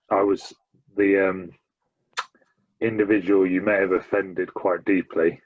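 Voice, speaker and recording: A man's voice: low-pitched, level tone, slow pace. A man with an English Midlands accent co-hosting a podcast, speaking in a dry, sarcastic way. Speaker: podcast host. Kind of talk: casual chat. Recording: dull lo-fi sound.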